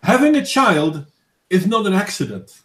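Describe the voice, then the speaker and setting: A man's voice: high-pitched, very animated, fairly bright tone. Earnest man in an echoey room. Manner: earnest, measured, with frequent restarts. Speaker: host of a voice chat discussion. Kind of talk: casual debate.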